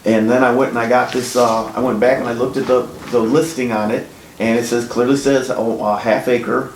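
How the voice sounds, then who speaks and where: Man, house flipper, blunt and profane, casual storytelling, echoey room, faint rumble. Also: moderate pace. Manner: blunt, profane, animated when quoting himself.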